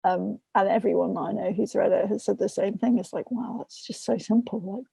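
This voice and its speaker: Chatty woman with a gravelly, husky voice. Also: mid-range voice, brisk, mellow, no echo. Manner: chatty, retells stories with quoted voices; many fillers and restarts. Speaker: podcast guest, parent and trainer. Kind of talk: casual conversation.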